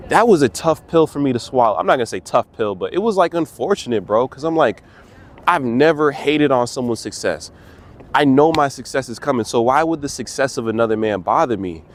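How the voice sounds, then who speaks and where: A man's voice: medium pitch, a little hiss or hum. A young man talking straight to his viewers in a casual, earnest way, often calling them "bro". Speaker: vlogger. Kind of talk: casual motivational talk to camera.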